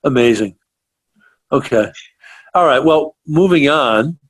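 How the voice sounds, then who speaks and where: A man's voice: mid-range voice, expressive, slow pace, no echo. A man hosting a radio interview, asking questions and reacting with surprised interjections. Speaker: radio show host.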